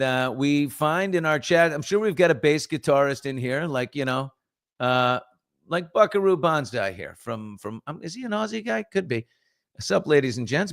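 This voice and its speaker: A middle-aged man hosting a casual morning talk show, telling stories with lively acted-out quotes. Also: a little high. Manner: animated storyteller, acts out quotes and whispers. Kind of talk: casual storytelling chat.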